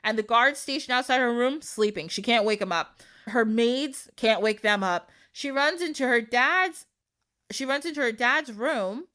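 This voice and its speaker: Young female podcast host, animated casual storyteller, salty language, slightly high pitch. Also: moderate pace. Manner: animated, swears freely, acts out quotes.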